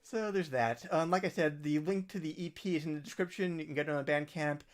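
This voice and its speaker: Chatting casually on a livestream, a musician rambles through his recommendations, dropping soft asides that trail off. His male voice sits on the high side and moves at a brisk clip.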